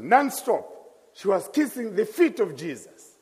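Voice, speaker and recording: A man's voice: high-pitched, big pitch swings, moderate pace. A man preaching a sermon, telling his own story with passion and emphasis. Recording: long hall reverb.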